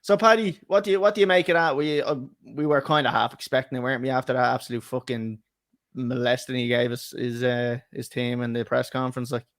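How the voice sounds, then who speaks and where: A man's voice: mid-range voice, steady tone, fairly quick, no room sound, clean studio sound. A man co-hosting a football podcast, chatty and laughing, swearing freely in casual banter. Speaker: podcast co-host. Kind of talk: casual chat.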